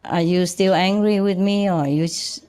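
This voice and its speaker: A woman's voice: on the low side, steady tone, normal speed, dark tone, clean tone, lightly acted. Woman doing a remorseful old male master. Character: elderly male spiritual master, gently apologetic.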